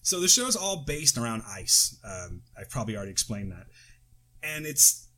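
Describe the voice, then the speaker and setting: A man's voice: medium pitch, sing-song, normal speed, pushed and bright. An American man co-hosting a podcast, chatting casually and rambling through tangents and self-corrections into a close mic. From United States. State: coughing. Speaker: podcast co-host. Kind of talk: casual chat.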